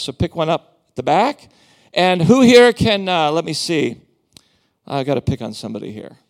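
A man preaching as a guest speaker, animated and joking with the congregation. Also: a little high. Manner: animated, theatrical, joking with the crowd. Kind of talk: sermon with book promotion. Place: church hall.

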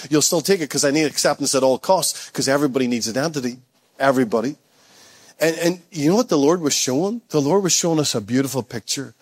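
A man preaching a sermon to his church, telling stories conversationally and building to excited, rising peaks while calling out to the congregation. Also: on the high side. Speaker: pastor.

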